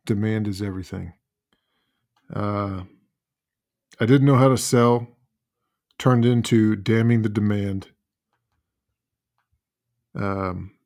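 A man hosting a casual podcast interview, talking in a relaxed, low-key way with musing asides. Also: vocal fry. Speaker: podcast host.

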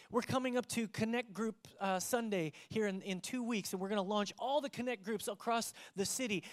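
Before a live congregation in church, a pastor preaches a sermon in a mid-range voice, shifting from forceful emphasis to quiet, hushed moments and addressing pointed questions to those listening.

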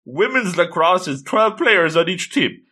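A man voicing an excitable high school girl who plays lacrosse, talking with eager, rapid-fire enthusiasm. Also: husky, heavily acted. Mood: enthusiastic.

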